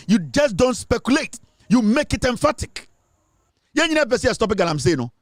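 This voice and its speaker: A man's voice: high-pitched, big pitch swings, a little fast, dry recording. A Ghanaian man giving impassioned commentary, lecturing emphatically and switching between English and Twi. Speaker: online commentator.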